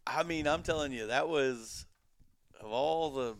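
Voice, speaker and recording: A man in his thirties telling a story on a podcast in casual chat, animated and acting out the voices of the people in it. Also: on the high side, unhurried, no echo. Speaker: podcast guest.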